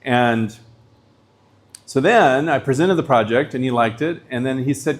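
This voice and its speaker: A middle-aged man, a visiting professor, giving a lecture in a casual, animated storytelling way with lots of filler words. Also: mid-range voice, moderate pace.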